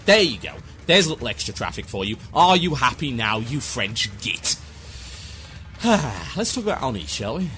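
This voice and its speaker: A man's voice: mid-range voice, sing-song, a little fast, few pauses, pushed and bright, faint music behind. Theatrical ranting podcast host, man. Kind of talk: comedic gaming podcast rant.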